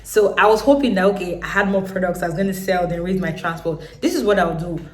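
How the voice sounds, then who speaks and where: A Nigerian woman in her thirties, telling her own story to camera in a lively way. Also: lowish voice, quick pace, echoey room. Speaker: business owner.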